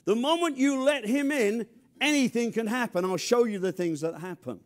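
An older man from near London preaching a sermon with an English accent, animated and humorous, dropping from loud emphasis to quiet asides. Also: very high voice, normal speed. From England. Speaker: pastor.

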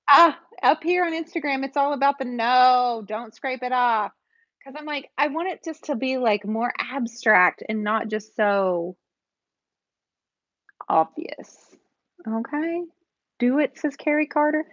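A woman with a high, animated voice, speaking a little slowly, chats nervously with her viewers while painting on a live stream, talking to commenters as she goes. The audio is dull and dry home-stream sound with no room ambience.

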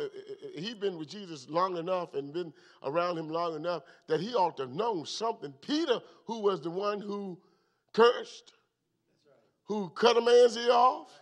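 At a midweek Bible study, a male pastor teaches in an animated preaching style that swings between loud bursts and low asides.

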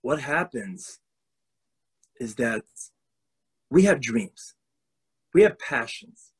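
Husky animated storytelling rabbi. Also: male voice, mid-range voice, extremely slow. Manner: animated storyteller, shifts voices for characters. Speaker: rabbi and lecturer. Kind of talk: storytelling lecture. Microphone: video call.

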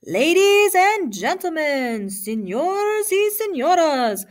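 A booming male ring announcer, as a woman puts him on, stretching each word out slowly over the arena. His voice is pitched high and carries loudly. The delivery is grand and theatrical. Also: sing-song, heavily acted. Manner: slow, drawn-out announcing.

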